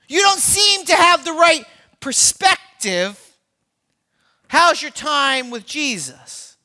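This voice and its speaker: A man in his thirties preaching a sermon, animated and storytelling, swinging between loud emphasis and hushed asides. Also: very high-pitched. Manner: repeats words, storytelling. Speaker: pastor.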